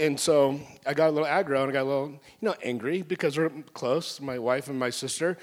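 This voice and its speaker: A man preaching a sermon, telling stories in an animated way and acting out his own angry outbursts. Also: on the high side, fast, hardly any pauses, big-room sound. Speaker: pastor.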